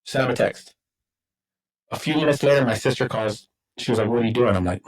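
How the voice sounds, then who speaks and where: A middle-aged man from Texas swaps stories in a relaxed podcast chat. He rambles, swears freely and acts out the lines of the people in his tales, and his pitch sits in the ordinary middle range. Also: fairly quick, long pauses, poor audio. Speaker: podcast guest, football coach. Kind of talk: casual storytelling.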